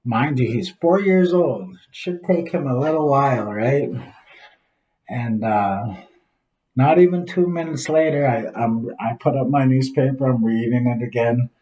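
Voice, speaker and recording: An earnest man in his office tells a personal story about his son and his recovery. He talks reflectively at an ordinary pitch and pauses as he goes. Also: dark tone, poor audio.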